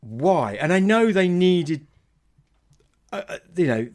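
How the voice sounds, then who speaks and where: A man talking as a podcast guest in casual chat, animated, laughing and tripping over his words. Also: high-pitched, takes it slowly.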